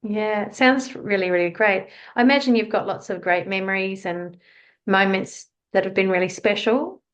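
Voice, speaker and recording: A woman podcast host leads a relaxed interview. She encourages her guest with short affirming replies and gentle questions. Her voice sits at a medium pitch. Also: normal speed. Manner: encouraging, affirming, brief prompts. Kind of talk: casual interview conversation.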